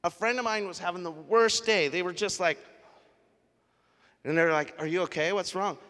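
A man preaching a sermon as pastor, telling stories in a conversational, animated way. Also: sits high, normal speed. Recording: live sermon in a reverberant hall.

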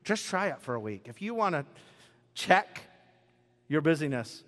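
Joking pastor preaching in a big hall. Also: male voice, a little high, sing-song, moderate pace, a bit bright. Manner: conversational, joking, acts out quoted voices. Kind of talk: sermon. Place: church sanctuary. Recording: preached in a large reverberant hall.

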